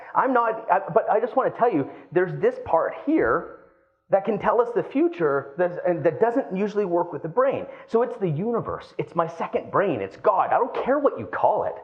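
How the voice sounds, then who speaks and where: A man on stage giving a keynote, telling a personal story with lively, swinging delivery and talking straight to the crowd. His voice sits a bit high for a man. The recording sounds dull and lo-fi. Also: normal speed. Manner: animated storytelling, addresses the crowd as guys. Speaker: keynote speaker. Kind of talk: live keynote speech.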